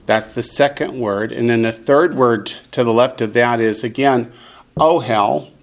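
A man teaching a Hebrew class, saying each word slowly and clearly so his students can repeat it. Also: mid-range voice. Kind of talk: classroom lesson.

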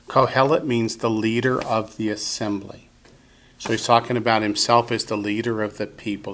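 A man's voice: medium pitch, a bit bright. A man teaching Biblical Hebrew in a classroom, patiently drilling students with call-and-response.

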